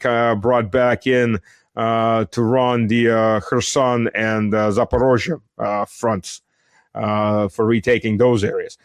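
Halting man, dry close sound. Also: mid-range voice, dry recording. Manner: halting, many fillers and restarts. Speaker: military commentator. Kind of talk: unscripted spoken analysis.

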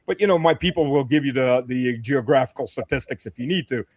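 A man impersonating a patient male admiral who answers briskly and politely. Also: mid-range voice, slightly rough, dry recording, voice pushed down, natural voice.

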